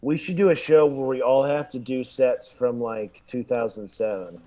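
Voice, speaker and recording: A man's voice: medium pitch, normal speed, warm tone. A man in a casual comedy chat, fumbling and repeating himself as he retells a story.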